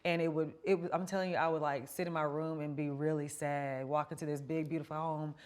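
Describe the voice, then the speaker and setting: Woman host with a deep low voice, candid and chatty, telling her own stories. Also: steady tone, fairly quick. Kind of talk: casual conversation.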